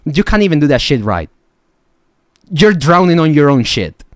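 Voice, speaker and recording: A man's voice: a little high, very animated, normal speed, dry recording. A young man live streaming as a beatbox judge, ranting, swearing and mocking people. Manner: mocking, swears, mimics people in silly voices.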